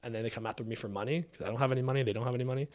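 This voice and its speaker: A young man from Canada, a guest telling a story in casual chat, animated, acting out the quotes and swearing freely. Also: mid-range voice, racing. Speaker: podcast guest, drinks founder.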